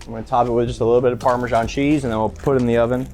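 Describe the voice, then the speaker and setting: A man's voice: medium pitch, level tone, very fast, darkish tone, soft background music. A man hosting a casual cooking show, chatty and easygoing as he walks through each step.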